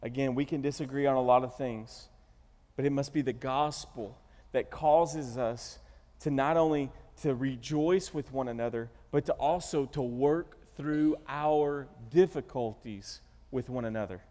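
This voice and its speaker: A man's voice: medium pitch, measured pace, mellow. A middle-aged man preaching a sermon as pastor, telling stories animatedly and acting out the quotes. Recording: reverberant church hall.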